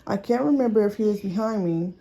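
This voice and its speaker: A woman being interviewed on a recording, recounting events in a halting, plain-spoken way. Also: medium pitch, mellow, low-quality recording.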